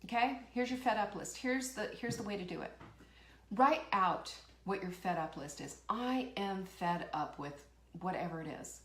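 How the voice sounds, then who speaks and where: A woman's voice: mid-range voice, normal speed, fairly bright tone, roomy sound. A woman hosting a live motivational talk show, fired up and emphatic, firing rhetorical questions and reading out viewer comments. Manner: reads out viewer comments and laughs. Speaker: host.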